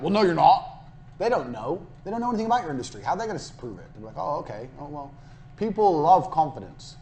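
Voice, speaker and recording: A man's voice: a little high, darkish tone. Brash British man lecturing on business. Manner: brash, blunt and swearing, acts out sales dialogues. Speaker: business course speaker. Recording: faint background noise, played in a game server.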